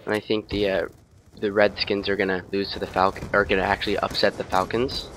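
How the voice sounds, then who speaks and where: A man's voice: on the low side, monotone, fairly quick, a bit bright, a little hiss or hum. A tired young man rambling through casual gameplay commentary, with lots of fillers. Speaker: gaming commentator.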